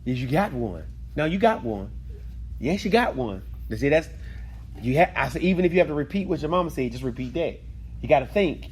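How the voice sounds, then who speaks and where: Male Bible study leader, lively teacher's delivery, calls on the group, slightly higher pitch. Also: brisk, a little hiss or hum. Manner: animated, repeats phrases, calls on students.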